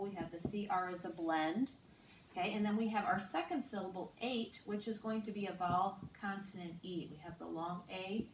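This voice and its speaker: A woman teaching a recorded phonics lesson to third graders, speaking slowly and clearly and drawing out each sound. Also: mid-range voice, a little hiss or hum. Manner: slow, clear, patient teacher talk with drawn-out sounds. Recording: echoey room, distant mic.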